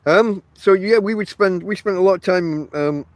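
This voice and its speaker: A man with a high voice, speaking at normal speed in a dry recording, hosts a podcast from a tent outdoors. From Barnsley, South Yorkshire, he has a Northern English accent and rambles casually, talking directly to listeners with many fillers.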